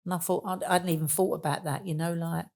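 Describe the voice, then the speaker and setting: Gravelly low Cockney woman. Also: fairly even intonation, fast, a little mellow. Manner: chatty storytelling with fillers like "and that". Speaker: guest. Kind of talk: casual interview chat.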